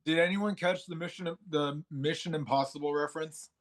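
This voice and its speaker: A man's voice: a little high, fairly even intonation, a little fast. A man co-hosting a casual movie podcast, thinking aloud and restarting his sentences. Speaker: podcast co-host.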